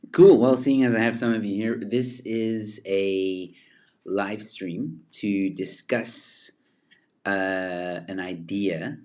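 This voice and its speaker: A man's voice: sits low, darkish tone. A man hosting a casual livestream, greeting viewers by name and rambling with many fillers and restarts. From Zimbabwe. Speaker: livestream host. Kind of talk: casual livestream chat reading viewer comments.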